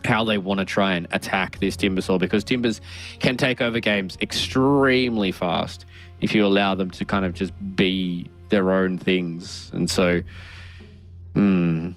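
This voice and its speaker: Low-voiced male esports caster, musing. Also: steady tone, a little slow, faint music behind. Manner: thinking aloud, many fillers and restarts. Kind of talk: esports draft analysis commentary.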